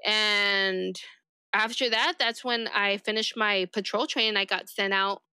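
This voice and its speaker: A woman's voice: mid-range voice, fairly even intonation, unhurried, bright, forceful tone, clear, resonant tone, no echo, studio quality. A young woman from East Los Angeles, a sheriff's deputy telling her story casually in an interview, rambling with lots of "like". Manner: rambling, heavy use of "like", acts out quoted remarks.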